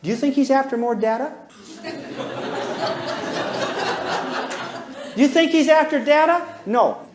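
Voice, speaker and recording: A man giving a live parenting lecture to an audience, animated and joking, acting out little dialogues with big swings in pitch and volume. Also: slow pace, pauses often, noisy background. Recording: roomy hall echo.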